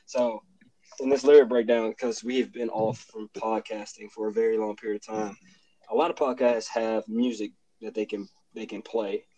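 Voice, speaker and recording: A man's voice: fairly low pitch, little pitch movement, normal speed, mellow, poor audio. A young man, a college student, hosting a casual podcast chat, keeping his voice down and laughing often. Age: young adult. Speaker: podcast host. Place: cold room at home.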